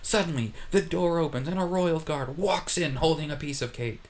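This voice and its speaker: A man narrating a comedic parody story, deadpan and playful with quick asides. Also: fairly high pitch.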